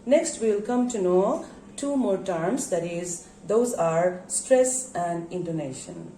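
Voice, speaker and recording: A woman with a Bangladeshi English accent teaches a recorded pronunciation lesson at an unhurried pace. She spells words letter by letter and asks her class questions that she answers herself. Her voice is mellow and sits in an echoey room. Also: lowish voice, sing-song, slight background noise.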